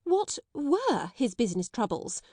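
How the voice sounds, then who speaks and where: A woman reading an audiobook, voicing a stiff, indignant middle-aged schoolmistress who turns shrill. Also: very animated, unhurried, darkish tone, dry recording, clean studio sound. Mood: shocked. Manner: haughty, shrill when shocked.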